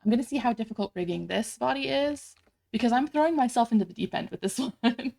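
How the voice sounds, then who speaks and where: A woman's voice: a little high, expressive, fast, creaky, mellow. A woman streamer chatting casually during a live stream, rambling, restarting her sentences and laughing at herself. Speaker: streamer building her avatar model.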